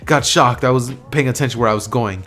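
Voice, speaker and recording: A man's voice: mid-range voice, brisk, fairly bright tone, soft background music, close to an everyday voice. A man voicing a jumpy, nervous teenage boy hero in a told anime fan story, speaking in a flustered, apologetic way.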